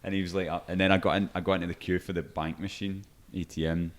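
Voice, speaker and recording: A man's voice: deep voice, little pitch movement, quick pace. A Scottish man co-hosting a podcast, chatting casually and acting out the voices in his anecdotes. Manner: storytelling, acts out voices with laughter. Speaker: podcast co-host. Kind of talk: casual chat.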